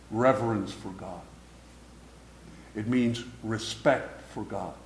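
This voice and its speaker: A man's voice: mid-range voice, a bit bright. A man preaching a sermon, building emphasis word by word and then dropping to a near whisper, with the odd chuckle between points.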